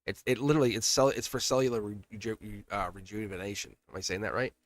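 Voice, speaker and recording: A man's voice: on the low side, steady tone, fast. A man giving a live-stream tarot reading, chatty and laughing, speaking straight to his viewers. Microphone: desk mic. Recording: faint music behind the voice. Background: soft background music.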